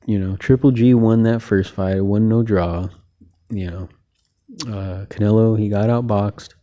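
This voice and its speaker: A man's voice: lowish voice, measured pace, lo-fi sound. A man hosting a casual solo talk about boxing, rambling and opinionated, with lots of "you know" fillers. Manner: relaxed, opinionated and loose. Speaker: host.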